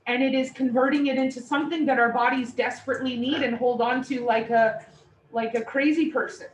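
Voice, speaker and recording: A woman instructor giving a lively, playful classroom lecture. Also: high-pitched, fairly quick. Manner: animated, playful explanations. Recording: echoey room, distant mic, faint noise.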